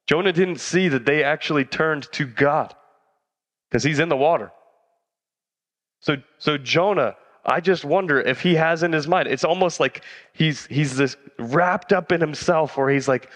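A man's voice: a little high, moderate pace, fairly bright tone. A man preaching a casual sermon as a youth pastor, conversational and slangy, often asking the audience questions. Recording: reverberant hall.

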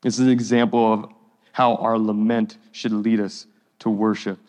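A man preaching a sermon as pastor, earnest and pleading, reading scripture slowly. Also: lowish voice, flat delivery, darkish tone. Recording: long reverb of a hall.

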